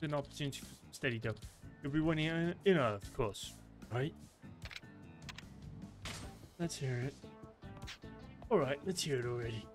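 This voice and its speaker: A man voicing an eager young male yakuza wannabe who begs loudly in a high, gushing voice while reading game dialogue aloud. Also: moderate pace, pauses often, over music, close to an everyday voice. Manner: high-pitched, loud, gushing pleading.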